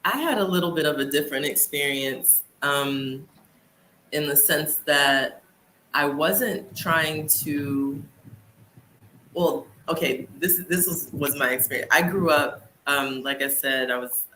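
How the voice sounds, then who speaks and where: Woman panelist, Liberian upbringing, bright voice, echoey room. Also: sits low, slow pace. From Liberian household. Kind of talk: casual panel discussion. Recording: echoey room with faint noise.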